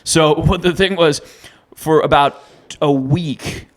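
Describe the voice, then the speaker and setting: A man's voice: on the high side, fairly even intonation, takes it slowly. A young man, a comedian, chatting casually on a podcast, telling stories and swearing freely. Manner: storytelling, swears freely, drops into whispers and impressions. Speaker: comedian guest.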